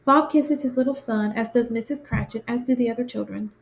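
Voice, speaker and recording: A woman teacher with a fairly high voice reads stage directions and explains the story to her class. Her manner is plain and conversational. The recording sounds dull and lo-fi. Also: a little fast, gravelly, hardly any pauses. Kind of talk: reading a play aloud and explaining it to a class.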